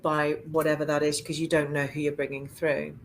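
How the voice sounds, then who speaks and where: A woman, a psychic medium, chatting casually and animatedly, often laughing and jumping up into a high voice to act out quotes. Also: little pitch movement, a little fast, slight background noise. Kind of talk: casual storytelling chat.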